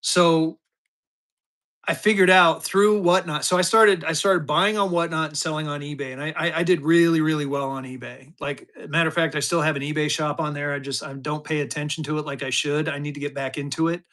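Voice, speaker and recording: A man's voice: a little high, fairly even intonation, fairly quick, fairly bright tone. A man, chatting casually and rambling through a live-stream auction as its seller. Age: 50s. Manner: rambling, chatty, with many restarts and fillers.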